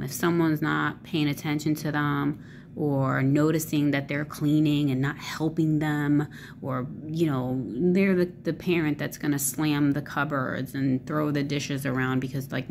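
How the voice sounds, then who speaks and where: A woman's voice: low-pitched, little pitch movement, a little slow, gravelly, darkish tone, a little hiss or hum. A woman vlogger talking casually to camera, rambling with many fillers and swearing freely.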